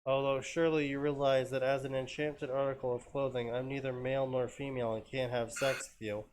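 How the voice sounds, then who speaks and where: A man's voice: medium pitch, little pitch movement, a little fast, noisy background, lightly acted. A man voicing a talking enchanted hat, pompous and theatrical. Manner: grandiose, theatrical, loud.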